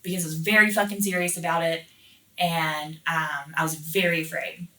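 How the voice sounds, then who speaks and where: A woman's voice: lowish voice, fairly even intonation, moderate pace, pushed and bright. A woman being interviewed, telling a rambling story in casual chat, full of swearing and fillers like "like" and "you know". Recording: roomy echo, mic at a distance.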